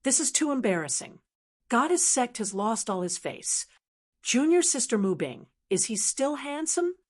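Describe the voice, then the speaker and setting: A woman's voice: on the high side, sing-song, normal speed, darkish tone, voice pushed up. A woman voicing a disdainful young sect disciple in an audiobook, speaking scornfully. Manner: scornful, complaining.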